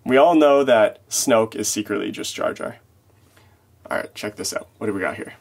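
Husky-voiced toy vlog host. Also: male voice, fairly low pitch, moderate pace. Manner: easygoing, chuckling between remarks. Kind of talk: casual toy showcase vlog.

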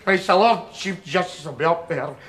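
A man's voice: fairly high pitch, moderate pace, fairly bright tone, natural voice. A man with a Glaswegian accent, playing a scruffy, sardonic middle-aged man in a jail cell who rambles and stammers through restarts. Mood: sardonic rant. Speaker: sitcom lead. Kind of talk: sitcom monologue.

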